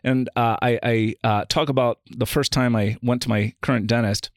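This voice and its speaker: A man of middle pitch tells anecdotes in a conversational podcast interview and acts out the other voices in them. The sound is dry and close to the mic. His delivery is relaxed and loosely animated. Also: normal speed, dry recording. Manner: animated storyteller, acts out quoted dialogue. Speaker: philosopher guest.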